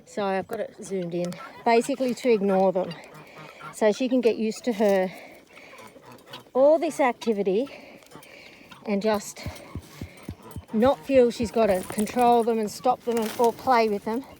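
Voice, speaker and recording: A breathless woman with a high voice trains her dog outdoors, snapping sharp calls and then muttering asides at an unhurried pace. It is outdoor phone video, and loud clucking fowl and honking geese fill the background. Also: a little hiss or hum. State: breathless after illness. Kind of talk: casual vlog commentary. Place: outdoors on a farm among poultry.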